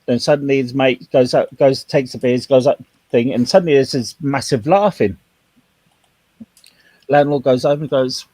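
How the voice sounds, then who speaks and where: A man's voice: medium pitch, moderate pace, long pauses, warm tone, no echo. A man in casual group chat, telling long jokes with the dialogue acted out. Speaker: panel participant.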